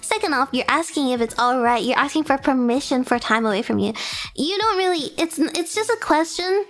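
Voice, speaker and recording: A woman's voice: high-pitched, expressive, a little fast, a bit bright, faint music behind. A young woman streaming as a VTuber, reading viewer submissions aloud in casual chat, bubbly and giggly, gushing with praise.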